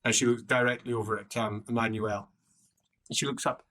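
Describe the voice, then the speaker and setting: A man narrating an improvised tabletop role-play game as game master, often slipping into character voices. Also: medium pitch. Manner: slow, lively narration, switching into character voices.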